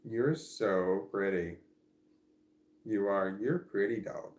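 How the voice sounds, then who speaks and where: A man's voice: lowish voice, slow pace, darkish tone, echoey room. A man in his forties chatting casually on a livestream, rambling and candid as he thinks aloud. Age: 40s. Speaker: streamer.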